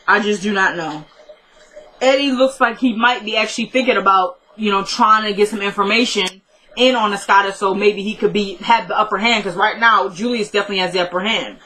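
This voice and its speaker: A woman's voice: mid-range voice, normal speed, bright, forceful tone, rough recording. A woman casually recapping a TV episode at home, rambling and correcting herself as she talks. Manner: chatty, rambling, with self-corrections.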